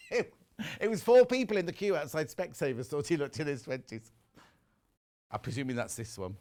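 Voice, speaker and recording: A man's voice: fairly high pitch, normal speed, long pauses. A middle-aged man presenting a shopping channel, chatting and reading out viewer messages in a gossipy way. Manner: lively, gossipy, reads viewer messages aloud. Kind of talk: chatty live TV selling. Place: TV studio.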